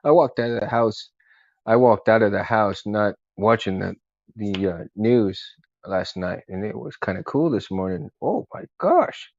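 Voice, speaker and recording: A man's voice: lowish voice, moderate pace, vocal fry, dry recording, muffled recording. A man chatting casually to camera at home, rambling with lots of fillers and laughs. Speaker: vlogger and collector. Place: room at home. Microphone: camera handheld while walking.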